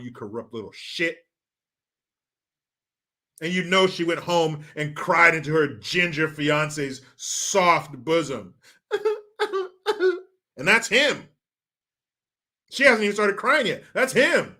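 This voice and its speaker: A man's voice: sits high, sing-song, slow pace, long pauses, sharp tone. A man hosting a political commentary vlog, ranting in a sarcastic, profane, mocking way.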